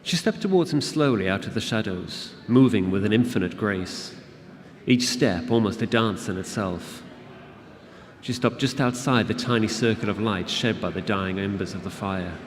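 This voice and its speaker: A man reading his fantasy novel aloud to an audience at a convention, in a steady, measured narration. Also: lowish voice. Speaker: author reading his book. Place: convention event room. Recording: long hall reverb with audience.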